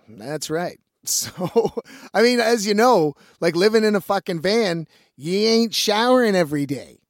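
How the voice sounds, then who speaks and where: A man's voice: fairly high pitch, no echo, studio quality. A male musician telling a rambling story in a casual monologue, swearing often and laughing as he goes.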